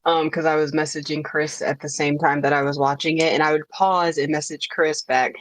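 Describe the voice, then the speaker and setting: A woman's voice: low-pitched, fairly even intonation, a little fast, no echo. A woman co-hosting a casual podcast chat, recapping a show in a rambling way that often trails off and restarts. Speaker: podcast co-host.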